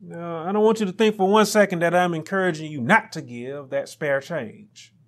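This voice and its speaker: A man preaching a sermon as pastor, building to emphatic peaks and dropping to quiet asides. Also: fairly high pitch, moderate pace.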